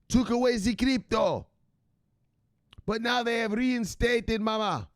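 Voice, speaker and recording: A man voicing an excitable crypto-obsessed man who yells at his mother and keeps repeating himself. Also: very high voice, dry recording, clean studio sound, pitched above the performer's own voice, full character voice. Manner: shouting, hyped, repeating "look, look".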